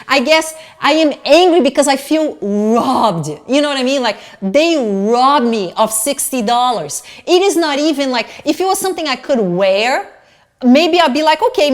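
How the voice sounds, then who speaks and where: Casting: middle-aged woman, somewhat high voice, fired-up and indignant, swearing loosely in a home vlog. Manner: animated, indignant, swearing freely. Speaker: fashion vlogger. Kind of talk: casual vlog rant.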